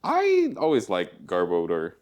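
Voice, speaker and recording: A man co-hosting a podcast in casual chat, soft-spoken and agreeable, often chiming in with affirmations. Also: sits low, wildly swooping pitch, a little slow. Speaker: podcast co-host.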